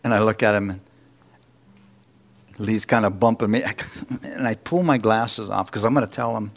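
A man's voice: on the low side, moderate pace. Guy preaching in church, telling his story, acts out what people said, cracks jokes. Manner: storytelling with acted-out quotes and self-deprecating jokes. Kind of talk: sermon testimony.

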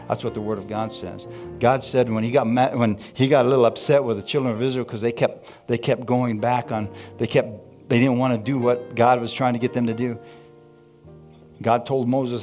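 A man preaching a sermon, reading scripture slowly and calling out to his congregation. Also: medium pitch, steady tone, a little mellow, faint music behind.

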